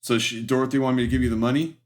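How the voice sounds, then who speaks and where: A man's voice: medium pitch, steady tone, racing, voice pushed up, natural voice. Man doing a menacing cyberpunk street tough. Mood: fawning. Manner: swings from threatening to fawning.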